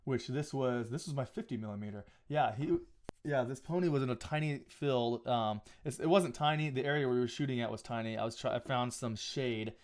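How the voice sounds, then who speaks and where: A man's voice: mid-range voice, a little fast. A man talking casually on a live stream while he edits photos, thinking aloud with frequent restarts and small asides. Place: home photo studio.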